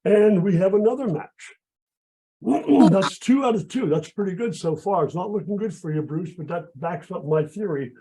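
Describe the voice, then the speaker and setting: Chatty man with a cold, bright-pitched. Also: moderate pace, husky, poor audio. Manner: chatty, encouraging. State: losing his voice from a cold. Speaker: magician. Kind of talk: live magic act on a video call.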